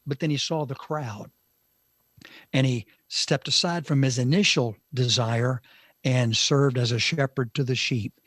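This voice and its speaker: A man gives a Bible teaching at a deliberate, unhurried pace, leaning hard on key words. He pauses for effect and swings between loud and soft. His voice sits in a middle register, and the studio sound is dry and close. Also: medium pitch, fairly even intonation, dry recording. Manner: slow, emphatic, with dramatic pauses and shifts in loudness. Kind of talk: Bible teaching on a talk show.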